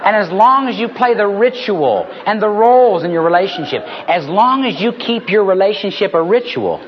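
Male preacher, high and husky, animated storyteller, dull lo-fi recording. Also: normal speed, some chatter behind, a little hiss or hum. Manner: animated storytelling, building to punchlines. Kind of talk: sermon with humorous stories.

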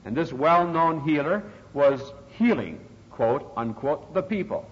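A man's voice: a little high, expressive, measured pace. An older man preaching an expository sermon, stressing key words and rising sharply for emphasis. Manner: emphatic, dramatic rises on scripture quotes. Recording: dull, lo-fi, long reverb in a hall.

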